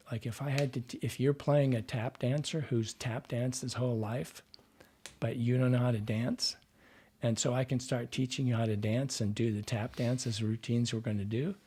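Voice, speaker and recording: Man, from Iowa, dialect coach, husky voice, mid pitch, lively storyteller. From Iowa, US Midwest. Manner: animated storyteller who acts out quoted dialogue. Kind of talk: casual podcast storytelling.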